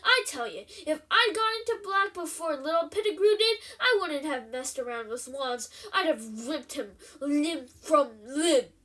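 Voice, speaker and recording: A woman reading aloud, voicing a gruff, angry giant of a man who growls his lines. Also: high-pitched, lively intonation, measured pace, few pauses, sharp tone, heavily acted. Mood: furious.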